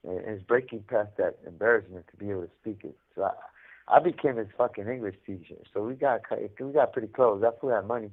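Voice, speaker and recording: A man's voice: on the low side, fast. A man from Mexico, telling stories over a phone call with streetwise slang and frequent laughs. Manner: streetwise slang, laughs often, acts out voices. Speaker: incarcerated caller. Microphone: prison telephone. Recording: tinny jail phone line.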